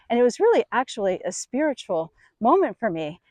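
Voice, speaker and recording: A middle-aged woman tells a personal story with lively, expressive energy. Her voice sits a little high. The sound is dry and close, with no room around it. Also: brisk, hardly any pauses, no echo. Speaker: speaker. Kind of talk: storytelling talk.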